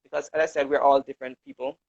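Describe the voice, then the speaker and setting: A man's voice: a little high, sing-song, rapid-fire, creaky, darkish tone, no room sound. A man co-hosting a casual talk show discussion, speaking hesitantly with many fillers. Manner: hesitant, fills with "um" and "you know". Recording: dull lo-fi recording.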